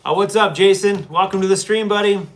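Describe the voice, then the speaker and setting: A man's voice: sits high, steady tone, a little fast, a bit bright. A man hosting a casual live stream from a hotel room, chatting with viewers and reading their comments in a laid-back, chummy way. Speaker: van-life YouTuber hosting a live stream. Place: hotel room, seated on a small chair.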